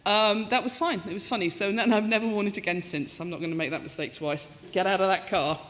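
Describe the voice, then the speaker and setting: A woman in her fifties giving a talk as a professor, telling stories in a lively, self-mocking way and acting out the voices she quotes. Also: medium pitch, fast talker, slight background noise. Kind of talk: storytelling talk with comic asides. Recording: lecture hall with long reverb.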